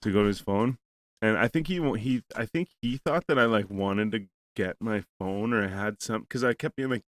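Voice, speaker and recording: A man's voice: on the low side, a little fast, dry recording. A man hosting a podcast, telling a rambling, profane story in casual chat and acting out both sides of a conversation. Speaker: podcast host.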